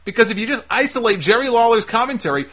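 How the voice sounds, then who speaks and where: A man's voice: extremely high pitch, sing-song, fast talker, a bit bright. A man giving a casual, opinionated monologue reviewing a wrestling show, sarcastic and swearing freely.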